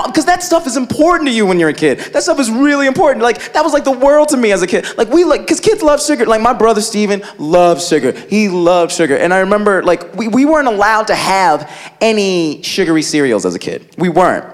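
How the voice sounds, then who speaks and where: A man with a high voice performs a stand-up comedy set, telling a rambling story packed with fillers and acting out the voices of the people in it.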